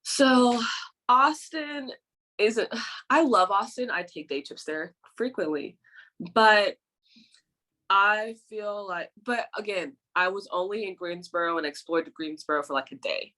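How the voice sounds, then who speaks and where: A woman's voice: mid-range voice, a little slow, bright, forceful tone. A woman co-hosting a casual podcast chat, rambling and searching for words. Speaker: podcast co-host.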